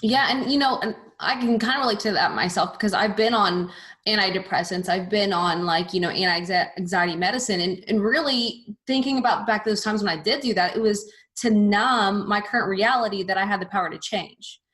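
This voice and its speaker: A woman hosts a podcast in a casual, earnest manner, reflecting openly before she asks her questions. Her voice sits in an ordinary middle pitch. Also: a little fast, fairly bright tone. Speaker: podcast host. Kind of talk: casual interview chat.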